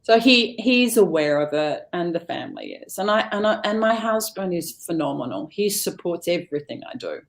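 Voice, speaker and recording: A woman's voice: on the low side, moderate pace, hardly any pauses. A middle-aged woman, a guest on a live talk show, chatting casually and acting out family conversations as she tells them. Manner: animated storyteller, acts out family dialogue. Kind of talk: casual chat.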